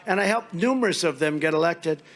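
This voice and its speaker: A man's voice: on the high side, animated, brisk, fairly bright tone. A man giving a rally speech as a political speaker, telling rambling, mocking stories and acting out the dialogue.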